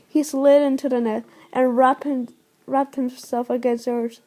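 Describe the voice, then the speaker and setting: A woman's voice: high-pitched, little pitch movement, a little slow, warm tone. A woman reading a story aloud as host, stumbling often and restarting words.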